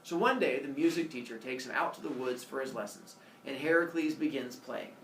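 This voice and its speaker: A teacher telling a myth to his class in an animated, playful way with sound effects. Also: mid-range voice, a little fast, slight background noise. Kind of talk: storytelling to a class. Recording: echoey classroom, from a distance.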